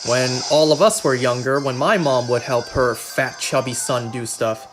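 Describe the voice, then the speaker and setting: A man's voice: mid-range voice, moderate pace. A man with a Canadian accent, chatting casually and rambling as a streamer while he plays. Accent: Canadian English. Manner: rambling, chatty, repeats himself. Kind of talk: casual chat while gaming. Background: game music.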